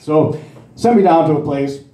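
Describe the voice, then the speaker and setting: A man's voice: fairly high pitch, lively intonation, warm tone, roomy sound. Rambling older man doing stand-up. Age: 60s. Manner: rambling, halting delivery with many fillers and restarts. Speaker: amateur stand-up comic. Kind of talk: stand-up comedy.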